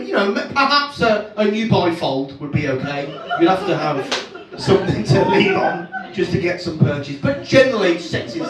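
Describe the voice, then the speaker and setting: Exasperated comedian on stage. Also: male voice. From England. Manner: swearing, exasperated storytelling with big pitch jumps. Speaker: stand-up comedian. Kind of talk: stand-up routine. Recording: echoey club, distant mic, audience laughing.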